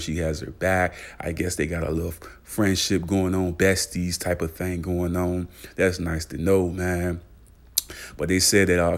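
A man hosting a casual celebrity news vlog, repeating fillers and shout-outs and hyping his viewers. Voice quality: gravelly low voice. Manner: repetitive hype with constant fillers and shout-outs. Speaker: channel host.

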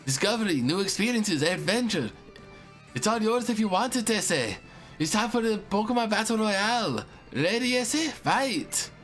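A man voicing a boisterous masked male luchador showman with a put-on Mexican accent, reading game lines with drawn-out hype calls. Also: high voice, lively intonation, fairly bright tone, soft background music, pitched above the performer's own voice. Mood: pumped. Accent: Mexican Spanish, put on. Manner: drawn-out hype announcer calls with "ese" tags. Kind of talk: reading game dialogue aloud in a voice.

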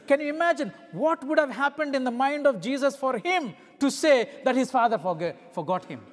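A middle-aged male visiting pastor preaching a sermon, moving between loud emphatic peaks and hushed low passages and asking his listeners rhetorical questions. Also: lively intonation, normal speed. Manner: asks the congregation rhetorical questions. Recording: long hall reverb.

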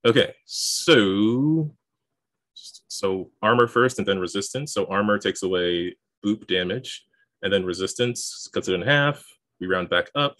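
Man, game master, low voice, dry close sound, explains rules aloud, chuckles. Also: animated, unhurried, fairly bright tone, no room sound. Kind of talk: narrating and adjudicating a tabletop game.

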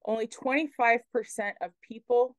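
A woman's voice: fairly high pitch, normal speed, no echo. A woman presenting a workshop in a casual lecture style, hesitant with many ums.

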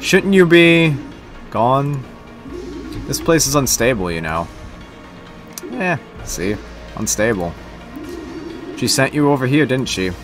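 A man's voice: medium pitch, sing-song, slow pace, long pauses, music in the background. A man voicing a pompous male knight tutor in a video game, lecturing in a lofty, self-important way.

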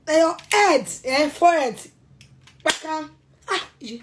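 A woman's voice: sits high, lively intonation, measured pace. A woman with a Nigerian accent delivering a heated, threatening rant, repeating herself often. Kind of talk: angry rant to camera.

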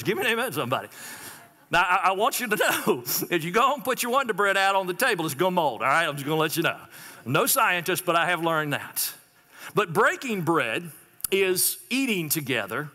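In a church sanctuary, a pastor with a high, sharp voice preaches a sermon that fills the big room. He keeps calling out to the congregation for amens and responses in a call-and-response style.

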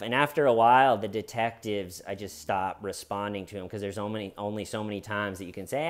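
A man giving comedic true crime commentary, retelling an interrogation in an animated way and acting out each quote. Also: lowish voice, a little fast, hardly any pauses. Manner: animated, acts out every quote.

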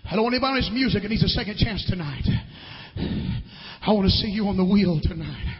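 A man preaching a holiness sermon, fervent and often shouting. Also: sits high, expressive, fast, long reverb tail, lo-fi sound.

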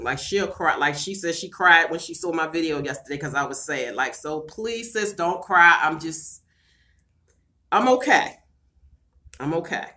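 A low-pitched woman with a bright, forceful edge, talking straight to her viewers on a live-stream vlog. She is tearful and her voice breaks at times, yet she stays blunt and swears without holding back. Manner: blunt, cusses freely, calls viewers "y'all" and "girl". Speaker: vlogger reading live chat. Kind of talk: emotional casual live-stream chat.

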